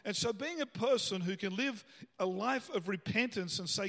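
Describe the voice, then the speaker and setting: Male pastor, high voice, casual sermon with emphatic peaks, reverberant church hall. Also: normal speed, fairly bright tone. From Australia. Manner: conversational preaching, rising to emphatic bursts.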